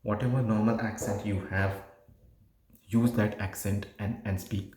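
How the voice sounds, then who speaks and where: A man giving exam prep tips in a casual tutorial, explaining slowly with many fillers and restarts. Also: lowish voice, fairly even intonation, dark tone. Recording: echoey room.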